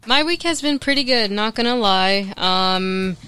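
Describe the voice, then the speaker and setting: A woman co-hosts a casual podcast, friendly and reflective as she talks about herself. Her voice is bright and forceful, sitting mid-pitch. Faint music plays behind her. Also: animated, a little slow, clean tone, no room sound. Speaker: podcast co-host.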